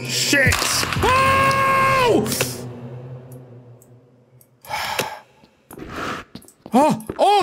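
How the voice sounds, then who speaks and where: Horror let's play streamer, woman, slow speech that leaps into yelps, faint game music underneath. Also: sits high. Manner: jumpy, swears and yelps in fright. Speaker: gaming video creator.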